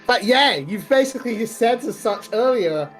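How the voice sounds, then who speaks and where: A woman's voice: a little high, lively intonation, moderate pace, soft background music. A woman playing in a tabletop game, joking and laughing in easy banter. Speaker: player. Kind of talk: casual chat at a tabletop game.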